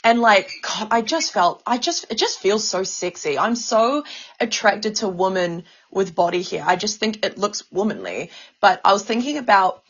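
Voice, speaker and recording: A woman's voice: medium pitch, lively intonation, moderate pace, a bit bright, slightly rough, highs cut off. Stammering, swearing New woman. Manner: emotional, stammering, swears often. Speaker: podcast co-host. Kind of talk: casual podcast chat.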